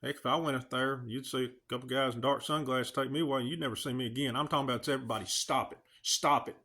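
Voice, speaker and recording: A man's voice: mid-range voice, steady tone, racing, sharp tone. A man, ranting earnestly to his channel's viewers, pleading and firing off rhetorical questions. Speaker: video channel host. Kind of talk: emotional direct-to-camera rant.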